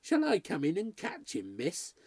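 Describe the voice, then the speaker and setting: A man voicing a young, nervous housemaid who is excitable and gossipy, talking in a breathless, high-strung rush. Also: moderate pace, breathy edge, no echo, studio quality, exaggerated voice. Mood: anxious.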